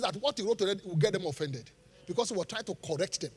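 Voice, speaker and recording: A man preaching a live sermon as pastor, animated, asking the congregation rhetorical questions and laughing between points. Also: high voice, fast, slightly rough. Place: large church hall. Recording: live church sermon with long hall reverb.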